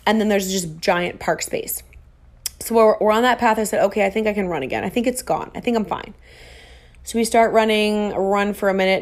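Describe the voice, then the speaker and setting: A woman's voice: mid-range voice, brisk. A young woman tells a personal story straight to her audience in a casual, chatty way. She mocks herself and acts out quoted lines with a lot of life. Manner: animated, self-mocking, acts out quoted dialogue.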